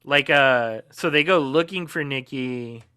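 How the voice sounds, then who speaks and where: A man co-hosting a podcast, chatting casually about a film and chiming in eagerly, with halting fillers. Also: mid-range voice, bright, forceful tone, smooth, no echo, clean studio sound. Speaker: podcast co-host.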